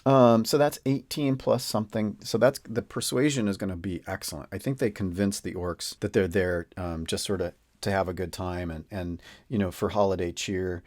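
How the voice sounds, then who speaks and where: A man's voice: sits low, fairly even intonation, normal speed, few pauses, a little mellow, no echo. A man narrating a solo tabletop game as game master, casual and rambling.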